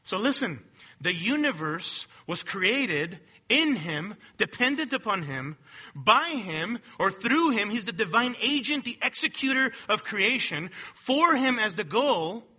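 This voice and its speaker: A man's voice: high voice, very animated, measured pace, sharp tone, slightly rough. A man preaching a sermon with emphatic delivery, asking rhetorical questions and repeating key phrases. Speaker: pastor.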